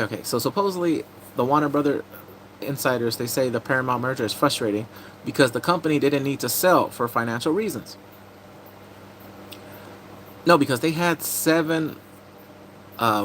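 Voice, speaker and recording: A man's voice: medium pitch, a bit bright, slight background noise, low-quality recording. A man chatting casually on a live stream, muttering asides to himself as he reads entertainment and gaming news aloud.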